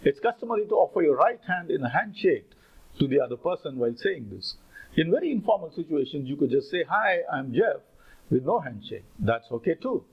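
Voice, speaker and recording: A man teaches phrases, his pitch swinging widely as he reads out sample dialogues. His voice is a little husky and sits fairly high. The recording sounds dull and lo-fi. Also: sing-song, brisk. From India. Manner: explains phrases, then reads out example dialogues. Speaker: English teacher. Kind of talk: spoken language lesson.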